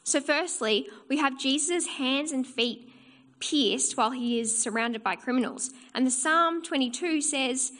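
A woman with a fairly high voice preaches a sermon in a church. Her delivery is earnest and explanatory. She often asks a rhetorical question and then answers it herself. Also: a little slow, fairly bright tone.

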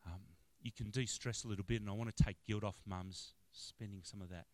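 Australian man, middle-aged, chaplain preaching, lively storyteller, deepish voice, close dry sound. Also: a little fast, dry recording. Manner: animated, acts out quotes, rising to high-pitched excitement. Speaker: football club chaplain, preacher. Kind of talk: sermon storytelling.

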